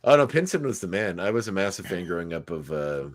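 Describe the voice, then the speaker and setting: A man's voice: sits low, very animated, no echo. A man from Nova Scotia hosting a podcast interview, chatting enthusiastically. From Nova Scotia, Canada. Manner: enthusiastic and conversational, listing shows quickly. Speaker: podcast host. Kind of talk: casual interview chat.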